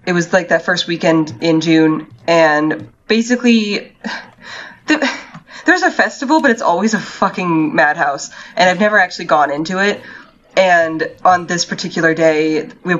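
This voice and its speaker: A woman's voice: fairly low pitch, normal speed, fairly bright tone, lo-fi sound. A young woman co-hosting a podcast, chatting casually, laughing often and swearing freely. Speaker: podcast co-host.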